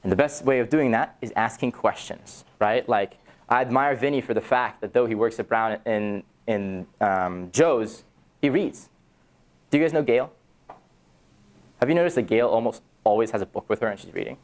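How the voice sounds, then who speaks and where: A young man in his twenties gives a talk to university students. He tells stories energetically, with a middle-pitched voice that jumps up when he acts out dialogue. His tone is casual and direct. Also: moderate pace. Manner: animated storyteller, acts out quoted dialogue with sudden high excited jumps. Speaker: startup founder giving a talk. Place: university event room, audience present.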